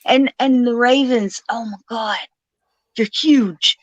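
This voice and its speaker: A chatty woman with a Southern US accent talks with enthusiasm, a touch higher in pitch than most women. Her voice comes through a dull, lo-fi mic with a dry sound. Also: takes it slowly, no room sound. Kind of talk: casual chat.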